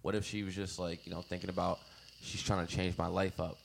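A man's voice: deep voice, little pitch movement, fairly quick, vocal fry, a little hiss or hum. A young man in casual chat, throwing in joking remarks. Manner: joking interjections. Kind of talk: casual banter.

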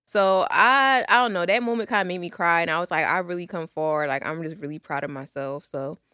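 A woman's voice: fairly low pitch, brisk, bright, forceful tone, clear, resonant tone, no room sound, studio quality. A woman in her twenties co-hosting a podcast, chatting loosely with slangy asides and laughs. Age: 20s. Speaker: podcast co-host. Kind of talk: casual chat.

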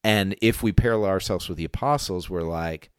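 A man with a lowish voice co-hosting a casual Bible discussion podcast. He reasons through scripture in a relaxed way and drops in self-deprecating asides. The recording is dry, with no room sound. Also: brisk, smooth, no echo. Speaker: podcast co-host.

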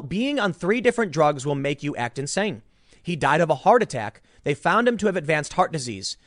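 A man hosting a solo commentary show, talking in an opinionated, animated way and slipping into mocking impressions. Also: a little high, dry recording, clean studio sound. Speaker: political commentator.

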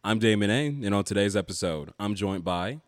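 A man's voice: lowish voice, animated, a little fast, no room sound. A man hosting a casual podcast about comics, talking loosely and swearing freely. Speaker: podcast host.

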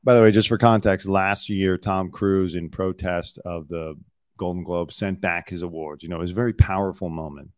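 A man's voice: deep voice, steady tone, normal speed, darkish tone, clean tone, no room sound, studio quality. A middle-aged man co-hosting a casual chat, talking bluntly and sarcastically with plenty of swearing. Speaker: co-host, former celebrity news producer.

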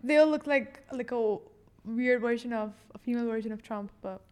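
A woman's voice: a little high, a little fast, darkish tone, clear, resonant tone. A young woman chatting casually as a podcast guest, giggling often and tripping over repeated words. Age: young adult. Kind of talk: casual chat.

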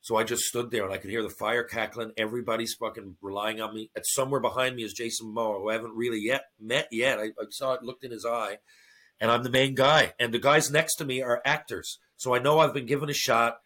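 A man's voice: mid-range voice, fairly even intonation, fast, pushed and bright. A man, a former hockey player turned actor, telling stories in a casual podcast interview, acting out other people's lines and swearing freely.

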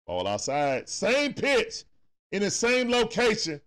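Lively Southern man calling a game live. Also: sits high, takes it slowly. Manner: talks straight at the players, coaching and groaning; folksy Southern turns of phrase. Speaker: watch-party stream host. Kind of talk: casual live play-by-play commentary.

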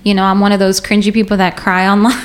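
A woman content creator appearing as a podcast guest. She speaks in a mid-range voice, openly and chattily, sharing candid feelings in relaxed conversation. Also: medium pitch, fast, background noise. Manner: open, chatty, vulnerable. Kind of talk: casual chat.

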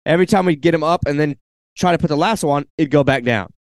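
A man hosting a casual podcast chat, relaxed and plain-spoken, trading fishing stories. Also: a little high, quick pace, no room sound, studio quality. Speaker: podcast host.

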